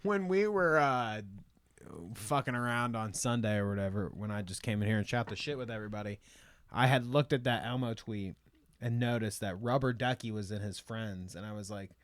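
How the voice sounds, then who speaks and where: A young man co-hosting a casual podcast, telling stories quickly and laughing often. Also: on the low side, no echo, clean studio sound. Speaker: podcast co-host. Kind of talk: casual chat.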